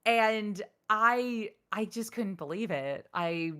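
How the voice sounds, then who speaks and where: A woman's voice: slow, clear, resonant tone. A woman voice actor telling stories in a casual interview, full of "like" fillers and acting out the quotes she tells. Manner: animated, acts out quotes with big pitch jumps; frequent "like" and "you know" fillers. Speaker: voice actor guest.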